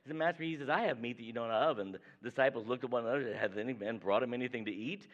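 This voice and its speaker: A man's voice: medium pitch, very fast. A man preaching a sermon to a congregation. He reads scripture aloud, keeps asking the listeners "right?", and acts out the people he quotes. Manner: conversational, asks "right?" often, acts out quoted voices. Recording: dull lo-fi recording.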